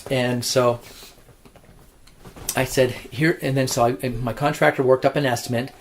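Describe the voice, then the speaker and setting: A man's voice: mid-range voice, steady tone, normal speed, slight background noise. A middle-aged man, a real estate agent co-hosting a podcast, telling a work story casually, with lots of restarts and repeated words.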